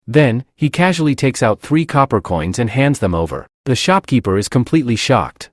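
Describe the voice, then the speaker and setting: A man narrating a comic story recap in a brisk storytelling manner. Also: medium pitch, very animated, no echo, studio quality.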